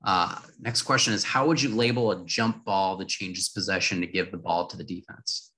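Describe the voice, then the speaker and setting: A man moderating a webinar Q&A. He explains patiently and repeats points to make them clear. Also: deep voice, fairly even intonation, moderate pace, pushed and bright, poor audio.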